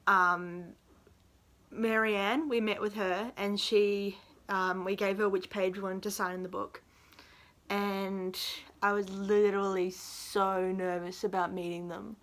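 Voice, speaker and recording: A young woman tells a storytime in a vlog. She rambles, laughs between phrases and fills pauses with "um" and "like". Her voice sits at a middle pitch for a woman. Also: little pitch movement, a bit bright. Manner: rambling and giggly, full of fillers. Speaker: vlogger.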